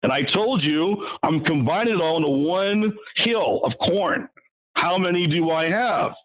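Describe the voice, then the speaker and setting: A man as interview guest, telling stories in an animated way and acting out what people said. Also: sits high, measured pace. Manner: animated, acts out quotes, frequent restarts. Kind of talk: casual storytelling interview. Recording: muffled lo-fi audio.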